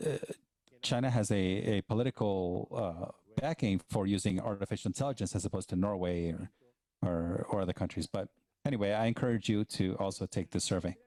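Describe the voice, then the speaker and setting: A man giving a plenary conference talk, speaking in a halting way with frequent restarts. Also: low voice, warm tone, dry recording.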